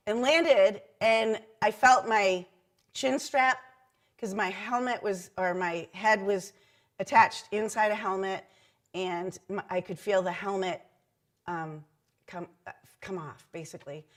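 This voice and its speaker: A middle-aged woman, a former team mascot, recounting mishaps in a chatty oral history interview with frequent ums and likes. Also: medium pitch. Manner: chatty anecdotal telling with many ums and likes.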